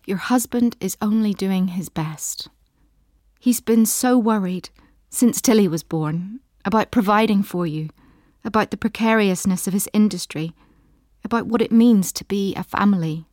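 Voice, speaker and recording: A woman narrating a quiet second-person story in a soft, intimate voice of middle pitch. She sometimes sinks to a near whisper on tender moments. The recording is dry and close, with no room sound. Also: no echo.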